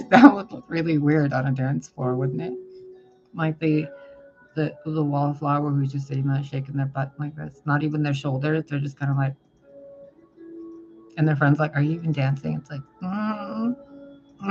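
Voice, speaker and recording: A man with a raised, gravelly voice talks bluntly and swears freely as a tarot reader in a casual advice vlog. The sound is dull and lo-fi, with loud music playing underneath. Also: a little high, fairly even intonation, normal speed. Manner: blunt, profane, chatty.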